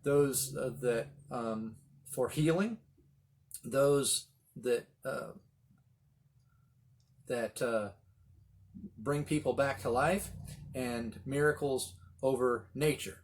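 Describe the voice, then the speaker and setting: A middle-aged man leading a Bible study, telling the story with animated voices for the quoted lines. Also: medium pitch, slow, long pauses, slight background noise. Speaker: pastor.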